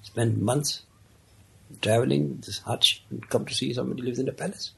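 An anxious, fearful pilgrim, flustered and pleading, as a storyteller puts him on. His voice is gravelly and husky. He speaks in the loose manner of a told parable. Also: mid-range voice, a little fast, heavily acted. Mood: dismayed.

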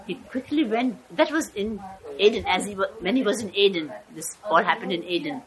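A woman's voice: medium pitch, animated, moderate pace, heavy background noise. An older woman telling a family story in a rambling way, often stopping to search for words. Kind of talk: personal storytelling. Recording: crowd chatter in background.

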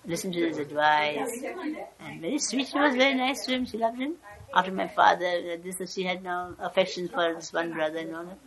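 A woman's voice: lowish voice, a little fast, poor audio. An older woman telling a family story in a rambling way, often stopping to search for words. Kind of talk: personal storytelling. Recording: crowd chatter in background.

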